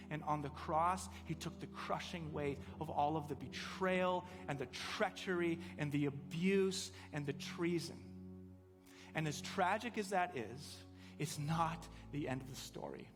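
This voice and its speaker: A pastor preaching a sermon, telling a story earnestly and building to fervent emphasis. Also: male voice, a little high, moderate pace, big-room sound, music in the background.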